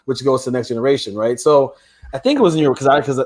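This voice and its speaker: Fast-talking male podcast host. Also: medium pitch, a little mellow. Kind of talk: podcast interview.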